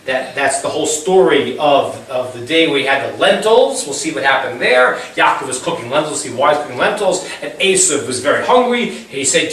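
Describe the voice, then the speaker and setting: In a casual Bible class, a Torah teacher retells the story conversationally, tossing in rhetorical questions. He speaks at a moderate pace with a fairly high, fairly bright voice, lively intonation and hardly any pauses. The recording is distant and very echoey, with faint hiss.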